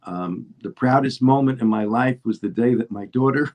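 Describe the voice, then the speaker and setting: A man giving emotional closing remarks on a call, halting and full of fillers. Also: medium pitch, lo-fi sound, a little hiss or hum. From Atlanta. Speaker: guest chiropractor.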